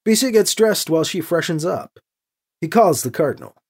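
An audiobook narrator reading a story in an expressive, dry storytelling manner. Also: medium pitch, moderate pace, husky. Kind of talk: scripted narration.

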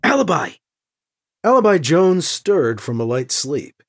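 An audiobook narrator with an expressive, storytelling delivery that swings widely in pitch. The voice is gravelly and husky, with a mid-height tone. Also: moderate pace.

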